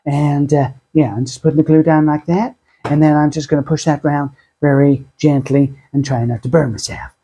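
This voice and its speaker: Husky rambling man demonstrating crafts. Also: on the high side, steady tone, normal speed, mellow. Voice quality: husky, sounds like a sore throat. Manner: chatty, self-deprecating, digressive, with a put-on husky funny accent. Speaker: craft channel host.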